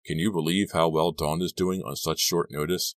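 A man's voice: sits low, steady tone, normal speed, no room sound, studio quality, close to an everyday voice. A man reading a showy, bossy teenage stage director who talks in a pushy, dismissive way.

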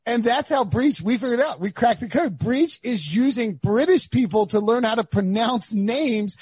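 High husky-voiced male host, rambling and jokey, dry-sounding mic. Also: moderate pace, no room sound. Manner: rambling, joking, excitable. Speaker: podcast host. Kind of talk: casual chat.

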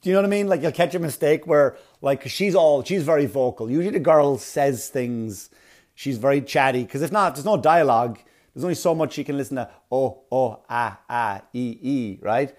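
A man performing a rambling stand-up comedy routine, full of filler words and quick asides. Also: a little high, a little mellow. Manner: rambling, filler-heavy delivery with sudden breathy put-on voices.

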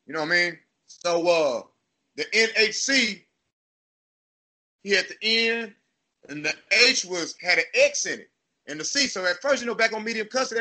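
A man with a Texas accent tells stories in a loose, profane, animated way, acting out the voices of others. His voice sits high and rings very bright and forward. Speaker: podcast host. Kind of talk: casual storytelling chat.

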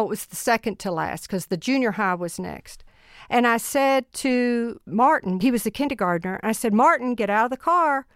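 A woman in her sixties, a mother of ten, telling family stories in an earnest, animated way with laughs along the way. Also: a little high, no echo, studio quality. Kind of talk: personal storytelling in an interview.

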